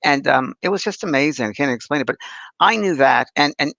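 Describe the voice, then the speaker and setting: Chatty man w gravelly bright voice, really animated, dry close sound. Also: a little high, a little fast, no room sound, muffled recording. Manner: animated storyteller, acts out voices. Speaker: spiritual medium. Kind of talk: casual chat.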